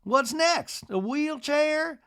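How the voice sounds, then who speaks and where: A man's voice: extremely high pitch, lively intonation, slow pace, a bit bright, voice pushed up, heavily acted. A man putting on a prim, offended older Southern matriarch.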